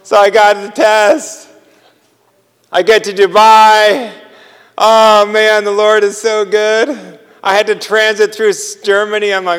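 A man preaching, telling a personal travel story with lively acted-out dialogue and laughter. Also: sits high, measured pace, clear, resonant tone, big-room sound. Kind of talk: sermon storytelling.

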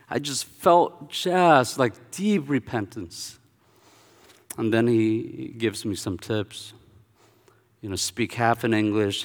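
A male pastor preaching a sermon, telling a personal story with animated swings between hushed and loud delivery. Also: fairly low pitch, long reverb tail.

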